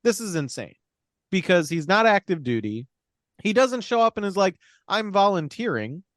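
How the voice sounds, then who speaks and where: A man's voice: sits high, big pitch swings, moderate pace, no room sound, clean studio sound. A man co-hosting a podcast, wryly recapping a movie in casual, profane chat full of fillers. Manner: wry, profane storytelling with many fillers. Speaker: podcast co-host.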